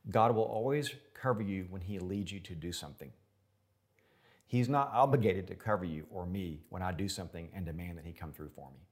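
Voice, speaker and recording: A man's voice: low-pitched, fairly quick, a little mellow. A male pastor preaching a sermon in an emphatic style, repeating words for effect.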